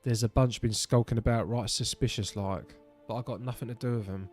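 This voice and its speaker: A man voicing a shifty male villager in a loud put-on rustic English accent. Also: mid-range voice, steady tone, a little fast, soft background music, close to an everyday voice. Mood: gossipy.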